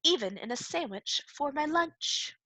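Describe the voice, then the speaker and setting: A woman teaching a reading lesson to young children, playful and animated, often laughing as she explains. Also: sits high, a little slow, dry recording. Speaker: second-grade teacher.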